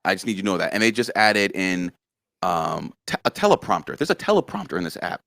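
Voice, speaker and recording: A man's voice: low-pitched, big pitch swings, fast, vocal fry, fairly bright tone, no room sound. A man guest on a casual interview chat, earnestly explaining things step by step. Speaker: guest content creator.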